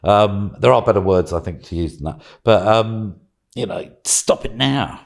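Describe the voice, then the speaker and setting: A man's voice: lowish voice, normal speed, vocal fry. A man telling a casual anecdote as a podcast guest, chatty, laughing often and acting out what others said.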